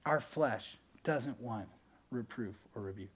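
A man preaching a sermon as pastor, animated, swinging between loud bursts and quiet, earnest stretches. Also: mid-range voice, measured pace, husky.

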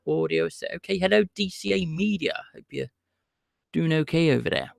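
A man with a raised, gravelly voice hosts a live stream, talking in a rambling, chatty way. He greets his viewers as he goes, and the sound is close and dry. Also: a little high, expressive, normal speed, dry recording. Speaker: livestream host calling scammers. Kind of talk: casual livestream chat.

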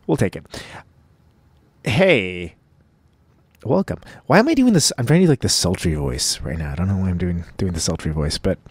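A man's voice: lowish voice, dry recording. Rambling, chatty male podcast host. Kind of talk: casual podcast intro monologue. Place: at home.

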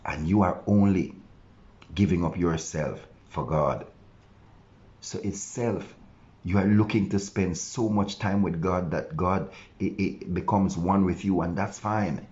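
Man, very deep voice, pastor, earnest devotional sermon, dull lo-fi sound. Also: a little slow, a little mellow. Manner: earnest preaching, acting out objections and quotes.

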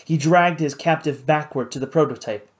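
A man reading an adventure novel aloud in steady, measured scripted narration. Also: fairly high pitch. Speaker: audiobook narrator.

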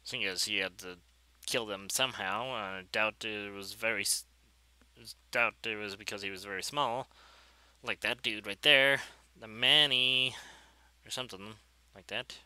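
Man, casual gameplay commentary, bright crisp voice, rambling, dry close sound. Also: fairly low pitch, measured pace, no echo, poor audio. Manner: rambling, self-deprecating, easily excited. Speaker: gameplay video creator.

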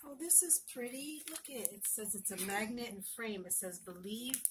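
A woman's voice: fairly high pitch, normal speed, noisy background. A woman vlogger at home, chatting casually and gushing with emotion as she opens mail, often repeating herself. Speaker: crafting vlogger. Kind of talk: casual unboxing chat.

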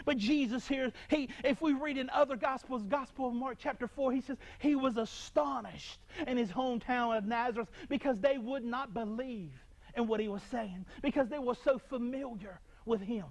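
A man delivering a sermon to his congregation in a very high voice. He preaches with fervor, repeating phrases and stumbling into quick restarts as he presses each point home. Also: creaky.

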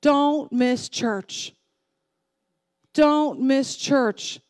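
A woman pastor preaching a sermon, emphatic and repetitive, swinging from loud declarations to soft, slow lines. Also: sits high. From Texas family, Southern upbringing.

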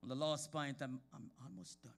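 This sermon in a church sanctuary comes from a man speaking fairly quickly with vocal fry. He builds from quiet talk to shouted peaks and addresses congregation members by name.

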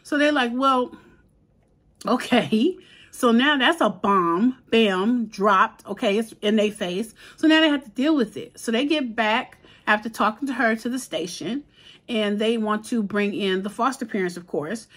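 Woman, a bit high-pitched, chatty TV recapper, animated and slangy. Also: moderate pace. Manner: chatty, animated retelling with voiced-out quotes and slang. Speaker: TV episode reviewer. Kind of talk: casual recap of a TV episode.

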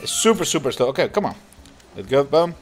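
Excitable man narrating mobile gameplay. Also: mid-range voice, quick pace. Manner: excitable, chatty, laughs often. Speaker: mobile game channel host. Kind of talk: casual gameplay commentary. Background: game music.

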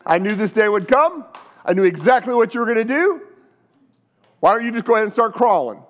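A man's voice: sits high, big pitch swings, fairly quick, lo-fi sound, voice pushed up. A man voicing a scornful, impatient father who mocks his returning son. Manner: sneering, mocking.

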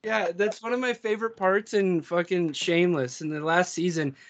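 A man co-hosting a podcast over a video call, easygoing and quick with quips. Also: high-pitched, fairly even intonation, highs cut off. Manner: easygoing, often laughing along and adding quips. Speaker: podcast co-host. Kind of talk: casual chat.

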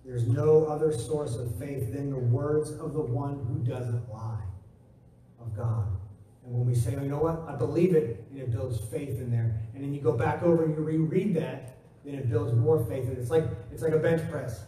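A man's voice: mid-range voice, normal speed, dark tone, slight background noise. A man preaching a casual, joking sermon as a pastor, acting out quotes in a folksy way. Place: church sanctuary. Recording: echoey hall, mic at a distance.

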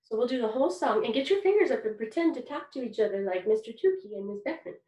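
A woman's voice: on the high side, lively intonation, fast, dark tone. A woman teaching a kindergarten music lesson online, talking to small children in a cheerful, encouraging way and keeping her words simple.

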